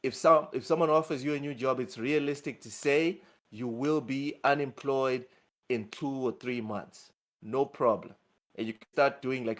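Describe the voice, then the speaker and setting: A man co-hosting a gaming news show, talking bluntly and ranting in casual chat. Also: mid-range voice.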